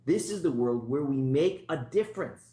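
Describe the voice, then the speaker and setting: A man's voice: medium pitch, animated, moderate pace, mellow. A man teaching an informal Torah class, telling stories in a conversational way and putting questions to the class. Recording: roomy echo.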